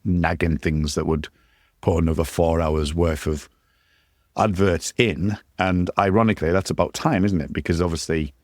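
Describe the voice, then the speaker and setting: A man's voice: low voice, steady tone, normal speed, a little mellow, dry recording, clean studio sound. A man hosting a podcast, chatty and easily amused, musing aloud on the topic. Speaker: podcast host. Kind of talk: casual podcast chat.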